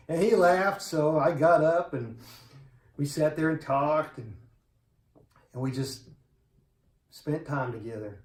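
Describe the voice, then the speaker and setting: A man in his forties stands in a church and gives a eulogy for a dear friend. His voice sits at an ordinary middle pitch, and he tells the story in a quiet, heartfelt, conversational way. The sanctuary adds a roomy echo to every word. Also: unhurried, pauses often. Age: 40s.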